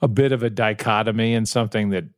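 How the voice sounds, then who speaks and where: A man's voice: on the low side, fairly even intonation, quick pace, no echo. A man, a podcast co-host, chatting casually and telling stories with a wry, dry humor. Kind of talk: casual chat.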